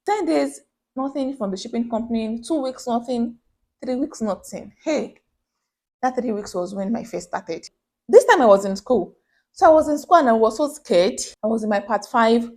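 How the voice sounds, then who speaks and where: A woman's voice: fairly high pitch, normal speed. A young woman with a Nigerian accent, a small business owner telling a personal story in a vlog and acting out the voices of the people in it. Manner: animated storyteller who acts out quoted voices.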